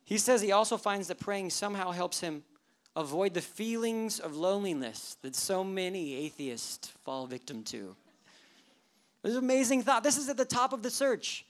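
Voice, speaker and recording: A pastor giving a church sermon, talking in a lively way, asking the congregation rhetorical questions and dropping joking asides. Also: medium pitch. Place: church service.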